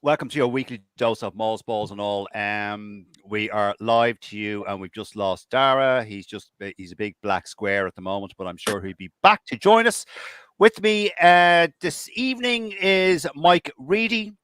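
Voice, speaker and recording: A man's voice: medium pitch, animated, moderate pace, fairly bright tone, smooth, no echo. A man hosting a live online chat, talking in a teasing, rambling way over a video call. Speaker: host.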